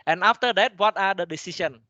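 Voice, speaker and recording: A man with a Cambodian accent, a native Khmer speaker, lecturing in a halting way, with many restarts and frequent "okay?" checks to the class. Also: high-pitched, sharp tone, no echo, lo-fi sound. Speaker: teacher. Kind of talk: lecture explaining slides, switching between English and Khmer.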